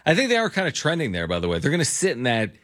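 A man co-hosting a sports radio show, animated and casual, often saying "dude" and "like.". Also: mid-range voice, rapid-fire.

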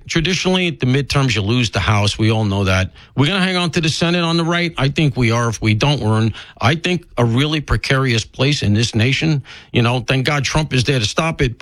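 A man hosts a talk radio show, talking in a loose, joking, self-mocking way. His pitch swings widely as he riffs, and he sounds a little stuffy from allergies. The studio sound is dry and close, with no room echo. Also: fairly bright tone. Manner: chatty, self-deprecating, riffing with jokes and asides. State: congested with allergies. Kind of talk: casual talk radio monologue.

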